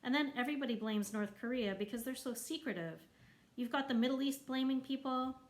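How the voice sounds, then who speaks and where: A woman voicing an old eccentric man who speaks slowly and insistently at a town meeting. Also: sits high, pitched above the performer's own voice, lightly acted.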